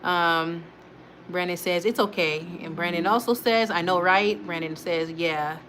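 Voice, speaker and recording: A woman's voice: lowish voice, unhurried, a bit bright, a little hiss or hum. A young adult woman hosting a casual livestream, chatting, laughing often and reading viewers' comments aloud. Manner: chatty, laughs often, talks back to chat. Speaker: livestream host.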